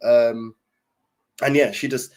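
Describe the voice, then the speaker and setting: A man's voice: mid-range voice, steady tone, takes it slowly, a little mellow. A young man chatting casually to his livestream viewers, in laid-back, slang-heavy talk full of fillers. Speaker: livestream host.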